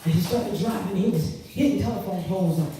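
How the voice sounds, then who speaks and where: A woman telling her testimony to an audience, expressive and repeating her words as she acts out what people said. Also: on the low side, fairly quick. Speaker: speaker giving testimony. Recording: echoey room from far off with noise.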